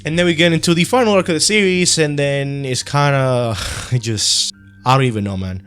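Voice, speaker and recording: A man's voice: fairly high pitch, normal speed, fairly bright tone, clean tone, faint music behind. A young man with a Spanish accent giving a casual, rambling opinion monologue, slangy and full of ums and self-corrections. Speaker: anime commentary youtuber.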